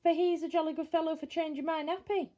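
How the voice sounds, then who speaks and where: A woman reading a storybook aloud, voicing a rough-spoken but kindly grown male burglar who talks in slang and exclaims often. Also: very high-pitched, level tone, quick pace, warm tone, pitched above the performer's own voice. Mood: bemused.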